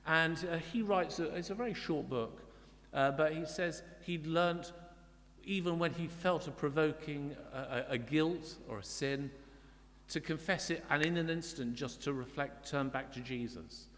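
A man's voice: on the high side, a little slow, a bit bright. A man preaching a sermon, speaking in a reflective, conversational way with frequent restarts. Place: church. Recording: long church hall reverb.

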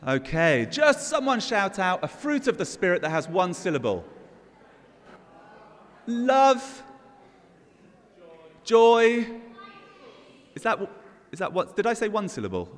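A man's voice: high voice, very animated, brisk, a bit bright. A man preaching an all-age sermon in a church, leading the congregation in call and response. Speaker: pastor. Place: church hall. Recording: long church reverb.

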